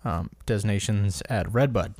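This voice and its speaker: A man's voice: on the low side, moderate pace, darkish tone, dry recording. A man hosting a casual solo commentary episode, rambling and correcting himself as he stumbles over names. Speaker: podcast host.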